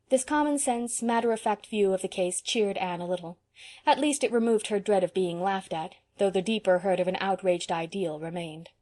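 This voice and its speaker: A woman narrating a classic novel as an audiobook, in an expressive, measured storytelling manner. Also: mid-range voice. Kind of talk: scripted narration.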